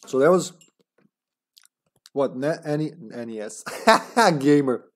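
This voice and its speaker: A man's voice: mid-range voice, expressive. Chatty man streaming a game. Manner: chatty, laughs often, tired but talking fast. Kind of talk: casual live-stream commentary.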